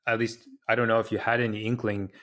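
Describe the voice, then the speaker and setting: A man's voice: lowish voice, flat delivery, fast talker, bright, forceful tone. A man hosting a podcast interview, listening attentively and prompting his guest with short questions. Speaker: podcast host.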